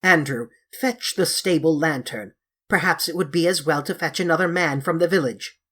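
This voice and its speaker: A woman's voice: low-pitched, normal speed, a bit bright, husky. A woman voicing a fussy, proper, easily alarmed middle-aged country vicar. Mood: flustered.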